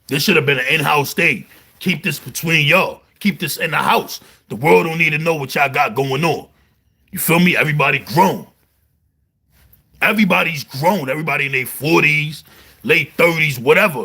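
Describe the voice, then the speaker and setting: A man from Brooklyn with a gravelly, husky edge rides a bright, forceful tone a little above the usual pitch. He rambles through stories in thick street slang, circling back with repeated check-ins. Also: normal speed. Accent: New York, Brooklyn. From New York. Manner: animated storytelling, heavy slang, repeats "you heard". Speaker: vlogger. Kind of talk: casual monologue to camera.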